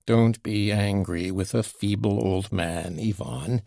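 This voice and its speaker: A man's voice: fairly low pitch, slow pace, creaky, warm tone, dry recording, clean studio sound. A man reading the part of a drunken, quarrelsome old father who rambles, wheedles and taunts, in an audiobook. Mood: wheedling.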